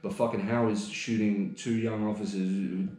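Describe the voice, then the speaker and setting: A man's voice: fairly low pitch, level tone, normal speed, dark tone. An Australian man rants on a casual podcast, heated and swearing often. His voice rings out in a very echoey room. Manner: heated, profane, ranting. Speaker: podcast co-host.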